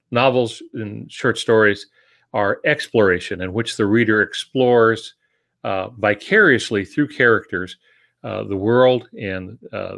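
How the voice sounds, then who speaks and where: An older man co-hosting a writing podcast, speaking in a measured, teacherly way with dry wit. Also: fairly low pitch, a bit bright. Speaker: podcast co-host, writer. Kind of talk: casual podcast chat.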